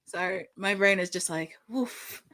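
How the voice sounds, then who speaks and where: A woman's voice: mid-range voice, lively intonation, normal speed, fairly bright tone. A woman co-hosting a wrestling podcast in casual chat, chatty with hesitant restarts. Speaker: podcast co-host.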